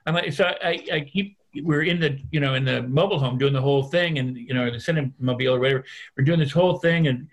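A man, an actor, telling animated anecdotes in a casual podcast chat and acting out the other people's voices. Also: medium pitch, fast. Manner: animated anecdote teller who acts out voices. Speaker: actor guest.

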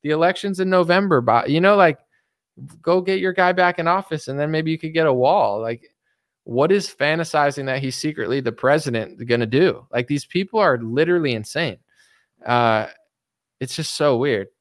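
A man doing casual political commentary, talking quickly and mockingly with many fillers and acted-out quoted voices. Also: a little high, no echo, clean studio sound. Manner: rapid, mocking, full of fillers.

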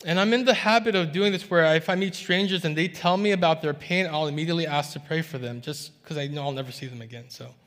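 A man preaching a sermon, telling a story to his church in a relaxed, conversational way. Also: on the high side, fast, hardly any pauses. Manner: conversational, recounting dialogue. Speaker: pastor. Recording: reverberant hall sound.

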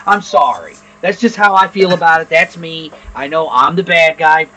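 A man's voice: on the high side, animated, normal speed, sharp tone, poor audio. A man co-hosting a podcast in casual chat, blunt and opinionated, swearing freely. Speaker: podcast co-host.

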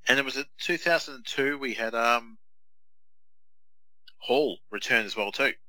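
A man's voice: medium pitch, unhurried, bright, forceful tone, dry recording, poor audio. A man, co-hosting a casual wrestling watch-along podcast and slipping into jokey impressions. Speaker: podcast co-host.

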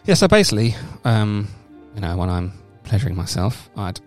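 A man, co-hosting a comedy podcast and rambling through a deadpan, absurd story, with sudden loud shouts now and then. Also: fairly low pitch, normal speed, faint music behind. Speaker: podcast co-host. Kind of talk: casual comedic podcast banter.

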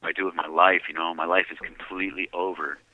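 Low-voiced man testifying over a dull phone line. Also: little pitch movement, fast talker. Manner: earnest, heavy, often hushed and breathy. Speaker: guest giving a testimony. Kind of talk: emotional personal testimony. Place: prison, calling in by phone. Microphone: prison payphone handset. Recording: dull dry phone-call audio.

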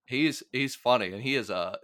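A young man co-hosts a podcast, rambling casually through a recap of a TV episode with lots of fillers and frequent laughter. His voice is medium-pitched and fairly bright, at a normal pace. The recording is studio quality, with no room sound.

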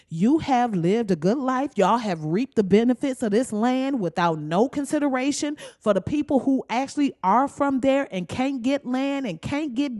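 A woman's voice: no echo, studio quality. Blunt, profane woman podcast host. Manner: blunt, profane and animated, with swings into high exclaiming. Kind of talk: comedic podcast monologue.

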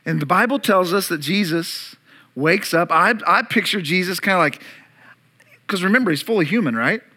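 A man preaching a sermon as pastor, animated, acting out voices to an audience in a church room. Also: high voice, moderate pace. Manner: animated preaching, acts out disciples' panic and Jesus' calm.

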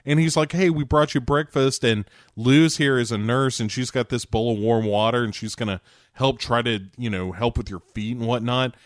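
A male podcast co-host casually recaps a TV episode, acting out characters' lines in energetic bursts and swearing freely. His mid-range voice moves at a normal speed, recorded cleanly in a studio with no echo.

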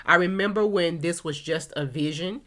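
Low-voiced woman interviewer. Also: normal speed, a bit bright. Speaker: guest interviewer. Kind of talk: interview questions.

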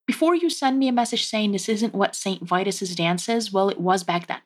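A woman's voice: mid-range voice, moderate pace. A woman hosting a casual history podcast, telling the story with wry, joking asides. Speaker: podcast host.

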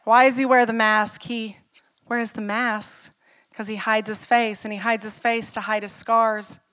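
A woman's voice: fairly high pitch, little pitch movement, unhurried, a bit bright, clean tone. A middle-aged woman pastor preaching a sermon in an earnest, personal way, telling stories and asking the listeners questions.

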